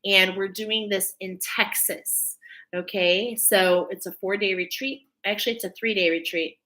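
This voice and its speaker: A woman's voice: mid-range voice, steady tone, measured pace, bright, forceful tone. A woman hosting a live stream as a spiritual reader, chatting casually and spontaneously, thinking aloud and laughing often.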